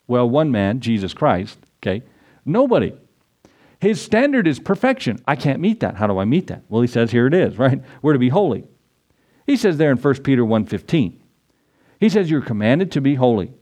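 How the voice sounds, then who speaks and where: A male pastor delivering a sermon with a lively, swinging voice. He talks to his congregation in a conversational way and keeps firing questions at them. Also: mid-range voice. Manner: animated, conversational, asks the audience questions.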